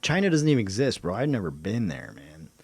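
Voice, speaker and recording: A man's voice: fairly low pitch, very animated, fairly quick, breathy edge, dry recording. A man hosting a livestream, chatting casually in a rambling way, full of swearing and slang. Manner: rambling conspiracy talk. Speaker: livestream host.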